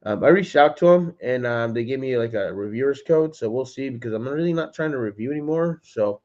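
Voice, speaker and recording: Expressive and fairly quick, this man speaks at medium pitch with a slightly mellow tone. He runs a casual livestream from home, bantering with chat by name and calling people "dude." Stream audio is lo-fi and a little dull.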